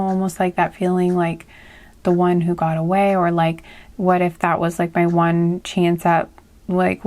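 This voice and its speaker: Woman, tarot reader, casual spoken reading, hesitant, low voice, flat delivery. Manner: soft, hesitant, many fillers and restarts.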